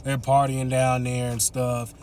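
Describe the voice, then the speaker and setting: A man's voice: mid-range voice, monotone, measured pace, a little mellow, slight background noise. A man casually retelling a movie plot, chatty and laughing often as he acts out the characters' lines. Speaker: movie reviewer.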